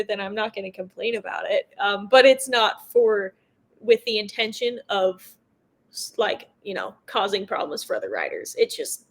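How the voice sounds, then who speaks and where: A young American woman talking casually as an interview guest, chatty and quick to laugh, with lots of fillers. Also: mid-range voice. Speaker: guest, motocross racer.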